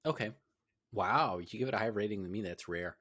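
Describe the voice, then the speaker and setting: A man's voice: on the low side, fairly quick, fairly bright tone, husky, dry recording, clean studio sound. A young man co-hosting a podcast, chatting casually and rambling with many fillers and restarts. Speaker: podcast co-host. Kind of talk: casual chat.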